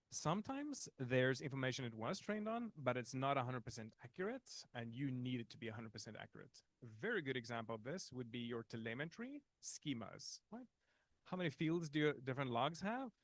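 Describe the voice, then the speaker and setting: A man's voice: medium pitch, big pitch swings, moderate pace, no room sound. A man teaching a live conference workshop, talking in a casual, chatty way with fillers and restarts. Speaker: workshop instructor. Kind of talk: live technical workshop talk.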